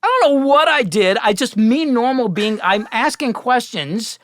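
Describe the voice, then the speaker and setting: A middle-aged man, a music producer, telling stories as a podcast guest, animated and profane, acting out the people he quotes. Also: extremely high pitch, moderate pace, dry recording, clean studio sound. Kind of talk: casual storytelling.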